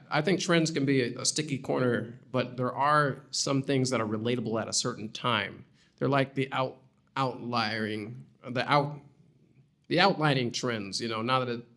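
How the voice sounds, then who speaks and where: A man's voice: medium pitch, fairly bright tone. A man on a panel giving blunt, wry answers in a loose, casual way. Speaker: panelist and musician.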